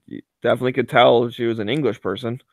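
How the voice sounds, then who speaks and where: A man's voice: medium pitch, fairly even intonation, fast talker, no room sound. A man telling a rambling story in casual chat, full of "like" and fillers.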